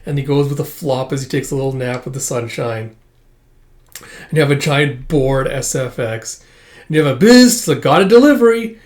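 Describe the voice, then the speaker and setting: A man's voice: medium pitch, moderate pace. A man hosting a casual manga read-through, rambling with many fillers and frequent chuckles. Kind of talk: casual reading commentary.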